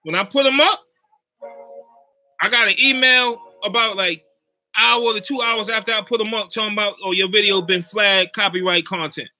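A man with a strikingly bright, sharp voice chats loosely with his stream viewers. His talk is slangy and animated, and he keeps looping back to check that they follow him. Faint music plays underneath. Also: high voice, normal speed. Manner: slangy, animated, keeps checking in with "you know what I mean". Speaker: YouTuber live-chatting with viewers. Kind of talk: casual livestream chat.

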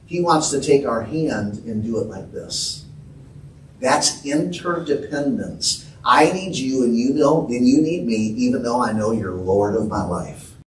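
A man's voice: medium pitch, a bit bright. Male pastor, emphatic sermon delivery, recorded from a distance with faint noise. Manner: earnest, emphatic, calls out to the congregation. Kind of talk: sermon with storytelling. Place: church sanctuary. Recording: echoey church room from a distance.

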